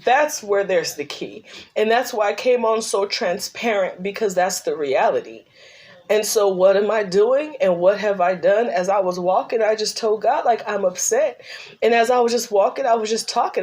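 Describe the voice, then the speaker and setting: A woman's voice: mid-range voice, moderate pace, darkish tone. A middle-aged woman talks straight to the camera with no script. She speaks earnestly and encouragingly, and her voice wavers into tears at moments. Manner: emotional, tearful at times, earnest and encouraging. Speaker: grief vlogger and ministry leader. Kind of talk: unscripted personal talk to camera.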